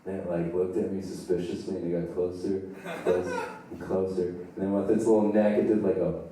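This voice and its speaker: A man's voice: deep voice, level tone, brisk, warm tone, slight background noise. A young adult man doing live stand-up storytelling, loose and profane, laughing at his own tale on a theater stage. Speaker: stand-up comedian. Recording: echoey theater from far off.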